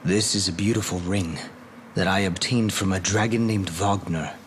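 An actor voicing a devoted young shadow knight in a game, speaking gently, earnestly and formally. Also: male voice, deep voice, fairly even intonation, moderate pace, a little hiss or hum, lightly acted. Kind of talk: game voice acting.

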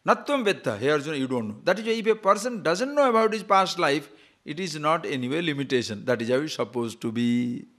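A man teaches scripture in a lively, wandering way, full of rhetorical questions. His voice sits a little high and swoops up and down a great deal. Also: brisk. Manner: animated, rhetorical questions, digressive storytelling. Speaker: spiritual teacher. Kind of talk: spiritual discourse on scripture.

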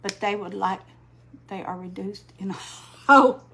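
An older woman, chatting slowly on a craft livestream, greeting viewers by name while she paints. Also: mid-range voice, a bit bright, breathy edge. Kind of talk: casual live-stream chat while painting.

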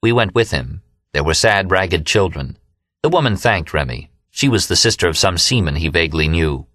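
A man narrating an audiobook in a steady, measured storytelling manner. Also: low-pitched, dry recording. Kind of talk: scripted narration.

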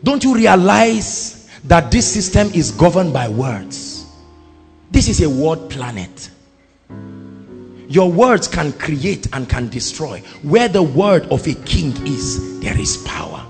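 A man with a Nigerian accent preaching a sermon, moving between quiet talk and loud shouted declarations. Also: very animated, slow pace, long reverb tail, faint music behind. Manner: booming, swings from quiet to shouting.

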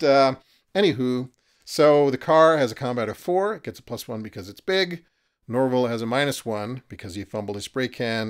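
A man narrating and refereeing a horror miniatures game, chatty and quick to laugh at his own jokes. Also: mid-range voice. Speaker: game master.

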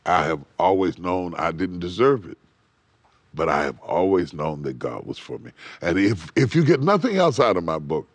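A middle-aged man preaching on a TV talk show, rising to loud emphatic peaks and dropping to near whispers, repeating his phrases. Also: low-pitched, big pitch swings, normal speed, dry recording. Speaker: bishop and guest preacher. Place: TV studio set.

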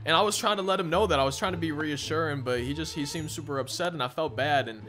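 A man's voice: a little high, fast talker, bright, forceful tone. A young man casually telling a rambling story while playing a video game, with lots of restarts and fillers. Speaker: gaming storyteller. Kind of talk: casual story time over gameplay.

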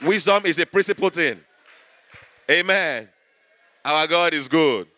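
Young Nigerian man, stand-up in church, high bright voice, dry close sound, animated, acts out voices. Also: measured pace, dry recording. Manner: animated storytelling, acting out voices, rising to shouts. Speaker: comedian.

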